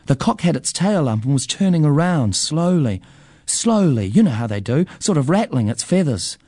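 A man narrating a first-person story in a measured, expressive way. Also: fairly high pitch, dry recording, studio quality.

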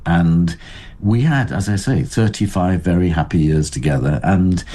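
An older man speaking as an interview guest, thoughtful and halting, with frequent restarts. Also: low-pitched, warm tone. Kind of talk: reflective interview talk.

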